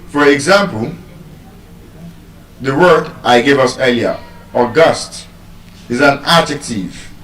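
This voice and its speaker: A man giving a pronunciation lesson, speaking slowly and deliberately, pausing and repeating words for emphasis. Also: medium pitch, fairly bright tone. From Nigeria. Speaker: teacher giving a pronunciation lecture. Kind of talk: classroom lecture, explaining and spelling out words. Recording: roomy echo, voice from a distance.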